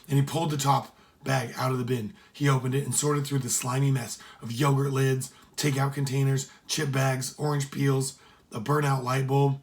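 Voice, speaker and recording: A man reading a children's adventure story aloud. He narrates steadily and with expression. His voice sits at an average pitch.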